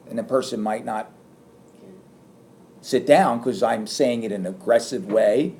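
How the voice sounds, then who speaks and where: A middle-aged man giving a classroom lecture, animated and acting out sarcastic lines as examples. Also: mid-range voice, brisk. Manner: animated, acts out sarcastic quotes. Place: lecture room.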